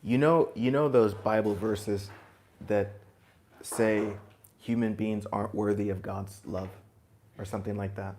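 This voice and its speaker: A man giving a spiritual talk to a group, gentle and reflective, chuckling now and then and dropping in blunt asides. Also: lowish voice, fairly even intonation, a little slow, slight background noise. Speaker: spiritual teacher.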